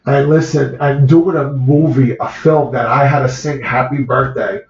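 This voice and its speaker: A man, an actor, recalls a personal story in conversation, halting and repeating words as the feeling comes through. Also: medium pitch, fairly even intonation. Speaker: actor, guest. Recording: roomy, dull lo-fi sound.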